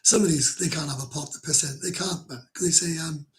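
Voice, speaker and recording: This livestream host, a middle-aged man from Wales, talks slightly fast in a slightly high voice. He reads comments and chats casually with viewers, blunt and rambling, laughing often and swearing freely.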